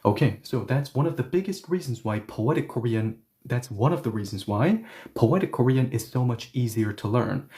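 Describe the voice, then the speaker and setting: A man teaching Korean grammar in a live stream, explaining step by step and checking in often with his viewers. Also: medium pitch. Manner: lively explainer who checks in with listeners.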